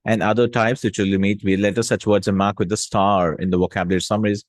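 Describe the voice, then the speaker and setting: A man with a lowish voice teaches a casual language lesson, recorded close and dry. He says each word slowly and repeats it, and keeps checking in with little "hmm?" and "no?" prompts. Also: little pitch movement, no echo. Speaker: Arabic teacher.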